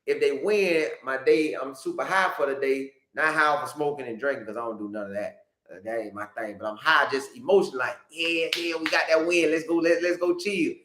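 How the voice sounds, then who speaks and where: A man hosting a casual live stream, talking straight to his viewers in an animated, repetitive way. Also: mid-range voice, reverberant. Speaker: podcast host reading live chat.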